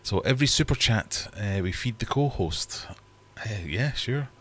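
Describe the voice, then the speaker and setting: Man, livestream host, casual chat, rambling, self-deprecating, very low voice, faint background hum. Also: lively intonation, unhurried, fairly bright tone. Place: fish room in his home.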